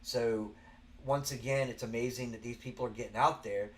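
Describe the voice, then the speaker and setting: A man's voice: medium pitch, steady tone, moderate pace, slight background noise. A man with a Southern American accent hosting a show, giving earnest, rambling commentary with frequent restarts. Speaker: show host. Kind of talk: casual spoken commentary.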